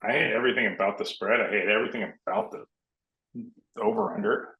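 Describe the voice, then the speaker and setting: A man co-hosting a casual sports betting podcast, breaking down matchups in a measured way. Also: on the low side, muffled recording. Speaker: podcast co-host. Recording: roomy echo.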